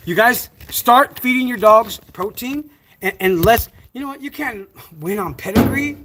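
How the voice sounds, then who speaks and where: A man's voice: extremely high pitch, pushed and bright, slight background noise. A man talking casually to camera about raising his dogs, rambling and preachy, with many restarts and fillers, outdoors. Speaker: dog breeder.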